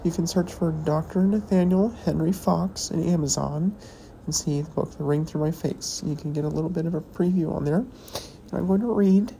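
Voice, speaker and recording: A woman hosting a podcast, talking in a rambling, halting personal monologue while tearful and emotional. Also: on the low side, gravelly, warm tone, slight background noise, poor audio. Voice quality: halting, hesitant delivery with pauses. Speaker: podcast host.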